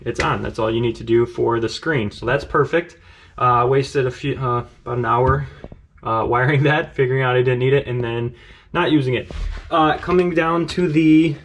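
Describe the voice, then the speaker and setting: A man casually narrating his truck build in a garage, rambling with lots of fillers and upbeat asides. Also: medium pitch. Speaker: car build vlogger.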